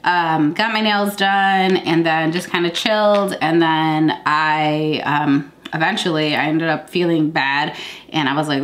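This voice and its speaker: A woman's voice: deep voice, steady tone, unhurried, a bit bright, echoey room. A woman in her thirties with a cold and a stuffy nose, chatting casually to her viewers in a rambling way and laughing often. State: congested from a cold. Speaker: vlogger. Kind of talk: casual sit-down chat.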